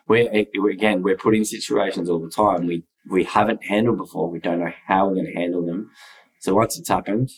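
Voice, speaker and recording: A deep-voiced man talks about being a father on a casual podcast. He speaks earnestly and reflectively, weighing his words. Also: slightly rough, low-quality recording.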